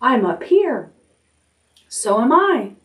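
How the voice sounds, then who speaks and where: A woman's voice: fairly high pitch, big pitch swings, slow, pitched above the performer's own voice. A woman voicing small, cheerful baby spiders in a storybook reading, in a light, matter-of-fact way. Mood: friendly. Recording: voice a little distant from the mic.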